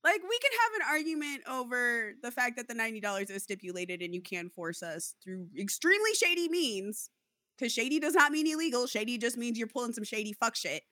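Fired up woman ranting about her landlord, kinda high voice, super dry close sound. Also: brisk, no room sound. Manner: indignant, animated storytelling with mock quotes. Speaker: tenant telling a story. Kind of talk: casual chat. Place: Seattle area.

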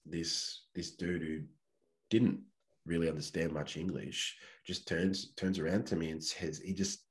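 A man's voice: deep voice, flat delivery, unhurried. A man with an Australian accent, a podcast guest telling a long personal story in a rambling, laid-back, swear-heavy way. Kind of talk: casual storytelling.

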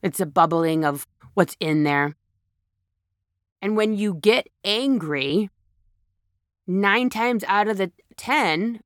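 A woman's voice: mid-range voice, no echo, studio quality. A woman giving blunt, emphatic advice in a candid monologue, repeating phrases for emphasis and using slang. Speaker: speaker giving life advice.

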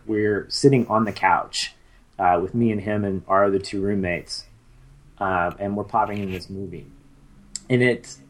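A man's voice: lowish voice, slight background noise. A man in his thirties co-hosting a podcast, chatting casually and rambling with many fillers and restarts. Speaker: podcast co-host. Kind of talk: casual chat.

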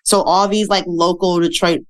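This woman in her thirties has a fairly low, clear and resonant voice with fairly even intonation, speaking at normal speed. As a guest in a relaxed interview, she candidly tells her story in a chatty, self-mocking way, laughing and using lots of fillers.

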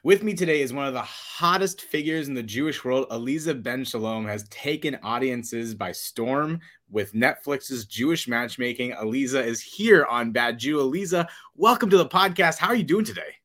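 A man's voice: mid-range voice, lively intonation, normal speed, hardly any pauses, fairly bright tone. A man hosting a podcast, playful and teasing with his guest. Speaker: podcast host. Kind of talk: casual podcast interview.

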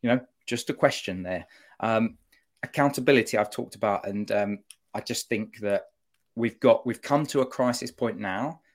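A man giving an animated, opinionated monologue on a football podcast, often breaking off to mock-quote officials. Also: lowish voice, normal speed. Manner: animated, self-interrupting, mock-quoting officials.

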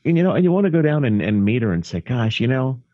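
A man's voice: medium pitch, big pitch swings, rapid-fire, no room sound. A man co-hosting a podcast in casual chat, telling stories wryly. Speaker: podcast co-host. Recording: slightly dull, dry lo-fi sound.

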